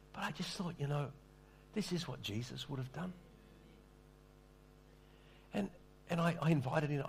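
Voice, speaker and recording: A middle-aged man preaches a sermon in a low voice. He speaks casually and makes fun of himself, sometimes stumbling over a word before he goes on. A faint hum sits under the recording. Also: gravelly. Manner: conversational, self-deprecating, stammers on restarts. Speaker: pastor. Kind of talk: sermon with storytelling.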